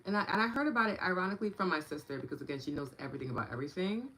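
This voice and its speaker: A young woman with a New York accent guides a live online session in a low, grounded voice. She talks to her viewers in a loose, chatty way and breaks into bubbly excitement. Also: racing, rough recording. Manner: bubbly, bursts into excited laughter. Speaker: meditation and tapping guide. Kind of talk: casual live-stream teaching while reading chat.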